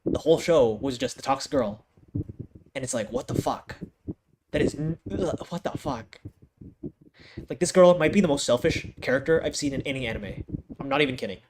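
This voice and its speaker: A man's voice: medium pitch, normal speed, pauses often. A young man reviewing anime in a casual, profane rant full of restarts and exasperated outbursts. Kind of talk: casual ranking commentary. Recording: noisy home recording.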